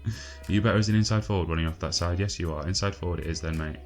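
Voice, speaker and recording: A man giving casual gameplay commentary, chatty and exasperated, swearing often and filling pauses with ums. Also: sits low, darkish tone, soft background music. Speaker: gaming channel host.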